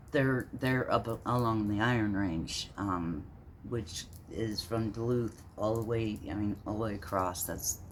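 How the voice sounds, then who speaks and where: A woman from Minnesota ranting in a monologue, rambling and profane, halting with many fillers. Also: rumbling low, a little hiss or hum. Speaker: vlogger.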